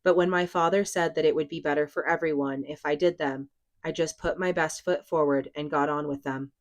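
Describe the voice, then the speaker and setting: A woman reading aloud, voicing a stern but patient father who talks in a measured, lecturing way. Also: low voice, steady tone, lightly acted. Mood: reminiscing.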